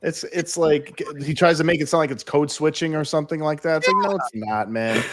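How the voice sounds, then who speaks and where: A man talks fast and bluntly as co-host of a political talk show, cursing as he rants. His voice sits at an ordinary pitch and sounds dry and close. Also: no room sound.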